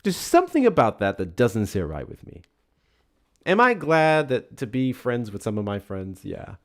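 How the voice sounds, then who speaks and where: A man hosting a live show, giving casual political commentary in an animated, profane rant. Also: mid-range voice, moderate pace. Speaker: livestream host.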